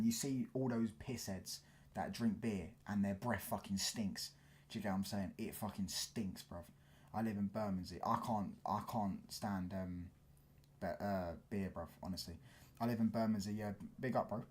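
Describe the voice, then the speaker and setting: A man with a London accent hosts a loose, slang-heavy football live stream. His voice sits on the low side and he keeps checking that his listeners follow him. He answers chat comments in a relaxed, rambling way. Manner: casual slangy, keeps asking "do you get what I'm saying".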